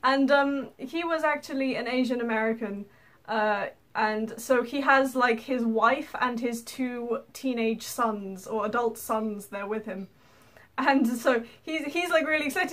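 A woman's voice: high-pitched, normal speed. A woman from England, telling stories in a casual vlog, rambling with many fillers and frequent laughter. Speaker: vlogger. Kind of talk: casual storytelling to camera.

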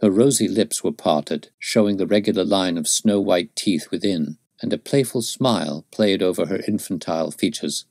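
Deep-voiced man reading a classic novel. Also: dry recording, clean studio sound. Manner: steady, measured storytelling. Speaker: narrator.

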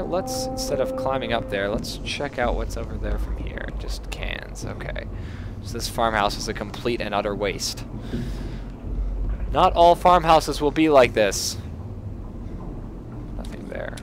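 A man's voice: mid-range voice, animated, a little slow, long pauses, background noise. A young man hosting a gameplay video, giving playful, self-mocking commentary as he plays.

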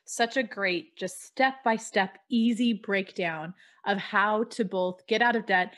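A woman's voice: mid-range voice, measured pace, a bit bright. A woman hosting a podcast interview, chatting casually and effusively with lots of fillers. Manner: effusive, talks with many "like" fillers. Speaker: podcast host.

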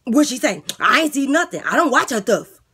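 A woman voicing a delusional, boastful male inmate blogger who talks with a lisp, loud and defensive. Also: sits high, sing-song, a little fast, slightly rough, voice pushed up, heavily acted. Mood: dismissive. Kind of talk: comedy skit character voice.

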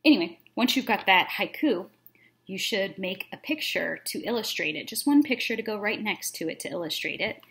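A woman teacher reading a children's book aloud, then talking through a lesson in a friendly, relaxed way with plenty of fillers. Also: medium pitch, creaky, a little hiss or hum.

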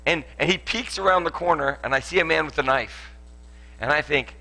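Guy pastor clowning around mid-sermon, jumps all over in pitch, bright voice, laughs a lot. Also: lively intonation, brisk, vocal fry, low-quality recording. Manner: joking, chatty, laughs often, lots of restarts. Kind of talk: playful sermon with a live demonstration. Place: church auditorium.

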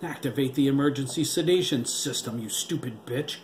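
A man's voice: medium pitch, fairly even intonation, brisk, a little mellow, natural voice. A man playing a curt, barking officer. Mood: tense. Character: harsh male officer in a crisis. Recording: roomy with faint hiss.

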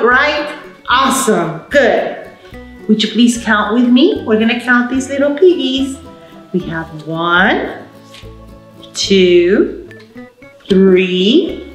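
Sing-song librarian woman in an echoey room. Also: fairly high pitch. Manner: slow, sing-song, encouraging, talks to babies; mixes in Spanish words. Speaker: children's librarian. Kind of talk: baby storytime with rhymes and songs.

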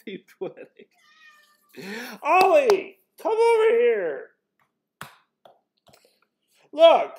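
A man chatting casually while scratching lottery tickets at home, constantly breaking into laughter. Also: very high-pitched. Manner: giggly, keeps breaking into helpless laughter.

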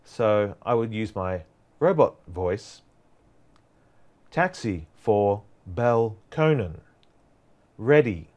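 A man giving a prerecorded university lecture, explaining in a loose, conversational way that wanders from point to point. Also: fairly low pitch.

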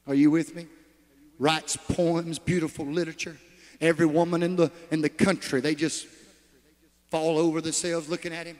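A man preaching a sermon, swinging from shouts to hushed asides and calling out to the congregation. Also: a little high, big-room sound. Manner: calls out to the congregation.

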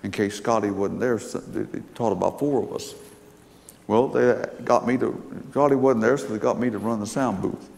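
Older man preaching, gravelly voice. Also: lowish voice, normal speed, darkish tone. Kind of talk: sermon storytelling. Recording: long hall reverb.

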